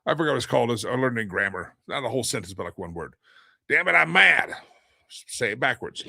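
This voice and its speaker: A man's voice: medium pitch, animated, brisk, creaky, sharp tone, dry recording. Rambling middle-aged male stream host. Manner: rambling, repeats and restarts often, chuckles. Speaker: show host. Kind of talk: casual daily live-stream monologue.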